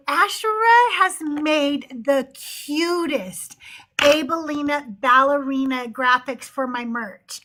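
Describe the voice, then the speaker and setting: High, bright-voiced woman streamer. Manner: laughs often, chatty and upbeat. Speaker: livestream host. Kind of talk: casual livestream chat.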